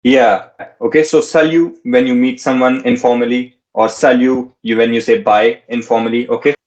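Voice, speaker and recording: A man tutoring in a relaxed way, repeating words slowly and mixing in Hindi phrases. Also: mid-range voice, rough recording. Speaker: French tutor. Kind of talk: casual teaching.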